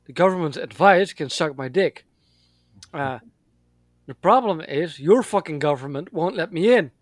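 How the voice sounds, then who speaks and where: A man's voice: on the high side, lively intonation, moderate pace, dry recording. A man from Europe in casual chat, blunt and heavy on swearing. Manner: blunt and profane.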